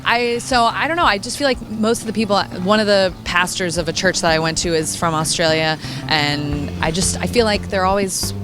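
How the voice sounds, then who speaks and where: A woman's voice: mid-range voice, brisk, few pauses. Hesitant woman in a street interview. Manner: hesitant, giggly. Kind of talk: vox pop answer. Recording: street interview clip over music.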